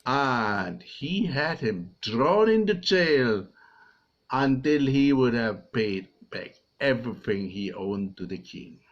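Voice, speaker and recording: An older man telling Bible stories to young children in an animated way, acting out the characters. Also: medium pitch, slow, lo-fi sound. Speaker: storyteller for children.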